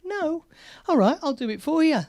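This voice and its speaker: A man putting on a sing-song, coaxing voice of a children's TV presenter, pitched high and loud. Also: very animated, normal speed, heavily acted. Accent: British.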